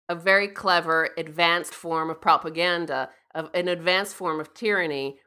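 A woman's voice: lowish voice, pushed and bright. A woman co-hosting a talk radio show, making earnest, insistent points with frequent restarts. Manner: earnest, insistent, repeats herself. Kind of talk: casual talk radio commentary. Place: radio studio.

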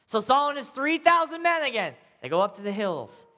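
Jokey high-voiced male preacher. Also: sing-song, brisk, few pauses, pushed and bright, big-room sound. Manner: casual, jokey, acts out voices. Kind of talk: storytelling sermon.

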